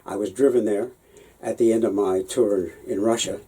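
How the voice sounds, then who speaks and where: A puppeteer telling stories about his work in a relaxed, hesitant way, with many fillers and restarts. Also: lowish voice, normal speed, husky, poor audio. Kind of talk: anecdotal storytelling.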